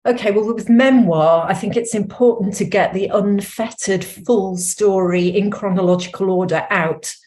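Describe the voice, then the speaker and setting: A woman from North Wales with a North Welsh accent, a memoir author answering interview questions in an animated way, laughing often. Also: medium pitch, moderate pace, few pauses. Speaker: memoir author and former editor.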